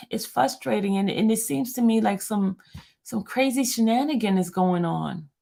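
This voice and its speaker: Frustrated gravelly woman live-streaming. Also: mid-range voice, moderate pace, warm tone. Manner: frustrated, repeats herself, talks straight to viewers. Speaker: court news blogger. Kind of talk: live-stream chat with viewers.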